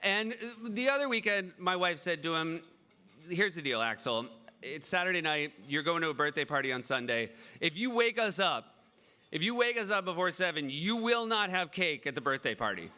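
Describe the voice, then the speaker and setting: A man in his forties hosting a benefit event, telling dry, self-deprecating stories in an animated stand-up style. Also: fairly high pitch, normal speed. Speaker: event host. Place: large event hall.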